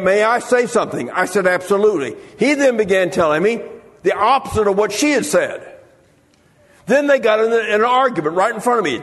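In a large hall, a church sanctuary, an American man with a high voice preaches a sermon. He tells humorous stories and acts out the voices of the people in them.

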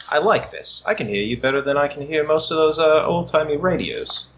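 A man's voice: on the high side, very animated, moderate pace, fairly bright tone, slight background noise. A man at a tabletop game, speaking in a put-on British character voice with dry, sarcastic banter.

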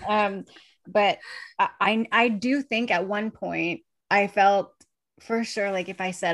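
A young woman hosts a loose, casual conversation, chatty and quick to laugh. Her voice carries a gravelly, creaky edge, and she slips into little acted-out quotes as she tells her stories. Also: medium pitch, fairly even intonation, fairly bright tone. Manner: chatty, laughs often, acts out quoted lines. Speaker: podcast host. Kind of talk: casual chat.

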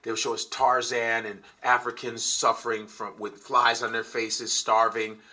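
A man's voice: medium pitch, level tone, moderate pace, pushed and bright. A man in a heated, casual conversation, ranting emphatically and swearing often. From United States.

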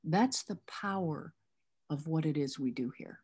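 A woman's voice: low-pitched, measured pace, a little mellow, slightly rough. A middle-aged woman at a recovery workshop, recounting a sponsorship story and acting out both sides of the dialogue. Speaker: workshop speaker.

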